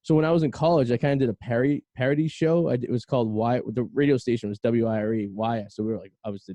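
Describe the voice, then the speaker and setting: A man's voice: mid-range voice, quick pace, few pauses, dark tone, no echo. A man with a Boston accent hosting a podcast in casual, rambling chat full of fillers. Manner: rambling, storytelling, frequent fillers. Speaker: podcast host.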